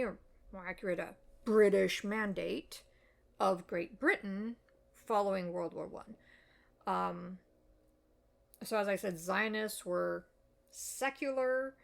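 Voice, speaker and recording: A woman's voice: mid-range voice, creaky. A woman explaining history in a casual, rambling way, with many ums, uhs and apologetic asides. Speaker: video essayist.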